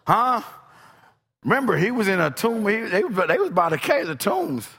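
Animated, high-voiced man preaching a sermon. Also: moderate pace, husky, in a large hall. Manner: swings between soft asides and shouted preaching.

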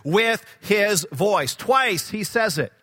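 A man's voice: high voice, lively intonation, slow pace, a bit bright, in a large hall. A man preaching a sermon, earnest and repeating key words for emphasis, growing fervent when he quotes scripture.

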